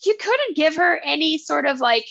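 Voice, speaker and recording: A high-pitched woman chatting casually as a podcast co-host about a book she loves. She retells scenes with lively quoted voices. Her voice sounds dry and close but slightly dull and muffled. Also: normal speed, vocal fry, dry recording.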